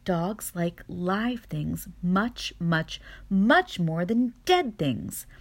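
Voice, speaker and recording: A woman's voice: on the low side, big pitch swings, extremely slow, heavily acted. A woman reading a storybook aloud, voicing a wise and theatrical mother possum who lectures her babies. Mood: solemn.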